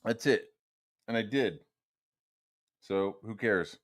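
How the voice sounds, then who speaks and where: A man's voice: lowish voice, slow pace. Man ranting profanely, mocking and heated. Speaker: streamer. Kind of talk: profane rant.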